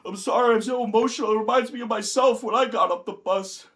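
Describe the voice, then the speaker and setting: A man's voice: high voice, quick pace, fairly bright tone. Guy doing a sappy rambling clown, kinda emotional, improv comedy bit. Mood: earnest. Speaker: clown employee.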